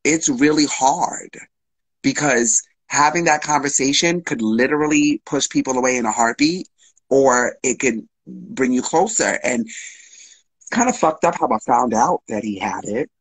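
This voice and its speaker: A man's voice: mid-range voice, unhurried, slightly rough, rough recording. A man guest telling an open, emotional personal story on a live stream, frank and casual with swearing.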